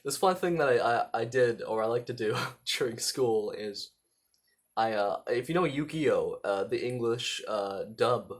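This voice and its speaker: A young man with a husky, slightly rough voice rambles through a casual vlog monologue. He trips over his words, drops plenty of fillers and the odd swear, at a mid pitch. He records indoors in a room. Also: lively intonation. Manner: rambling, halting, with many fillers and profanity.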